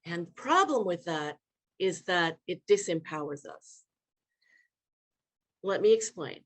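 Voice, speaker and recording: A woman's voice: lowish voice, unhurried. Woman coaching a live online workshop. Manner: animated, demonstrates vocal inflections. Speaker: leadership coach.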